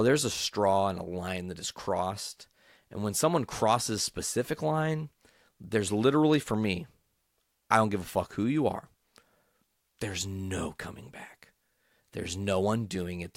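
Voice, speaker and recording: A man's voice: on the low side, creaky, no echo, studio quality. A young adult man hosting a podcast, telling a personal story with angry, profane, emphatic outbursts. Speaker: podcast host.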